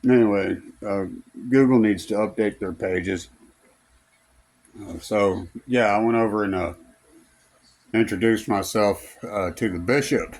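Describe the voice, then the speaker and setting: A man's voice: fairly low pitch, measured pace, long pauses, darkish tone. A man telling a rambling personal story in a casual vlog, full of fillers and restarts, recorded in a car. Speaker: vlogger.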